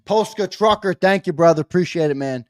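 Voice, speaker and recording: Ribbing, higher-voiced sports talk host. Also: male voice, a little fast, darkish tone. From Philadelphia area. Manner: ribbing, joking banter. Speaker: show host. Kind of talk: casual sports talk show.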